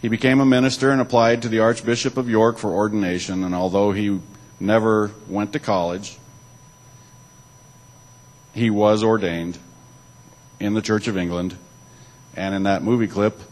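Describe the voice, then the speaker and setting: A man's voice: on the low side, steady tone, normal speed, pauses often, darkish tone, low-quality recording. A man giving a church talk, alternating between reading aloud and loose spoken asides, with occasional restarts. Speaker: church speaker.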